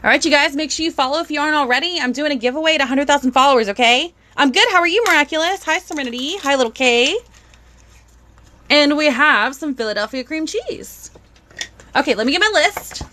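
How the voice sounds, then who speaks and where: A woman's voice: sits high, animated, fairly quick, bright, forceful tone, a little hiss or hum. A young woman, chatting bubbly on a live stream as she unboxes toys and greets viewers.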